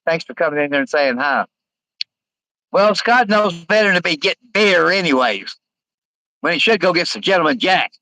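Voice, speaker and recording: Guy rambling on his livestream, kinda high voice, lots of uhs, dry close sound. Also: expressive, bright, forceful tone, dry recording, rough recording. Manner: rambling, halting, many uh fillers. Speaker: live stream host. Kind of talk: casual live stream chat, reading comments aloud.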